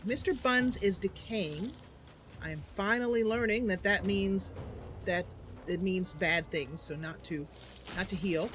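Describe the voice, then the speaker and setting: A woman's voice: medium pitch, a bit bright, a little hiss or hum. A woman streaming a game, chatting and muttering her plans to herself as she plays. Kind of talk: thinking aloud while playing.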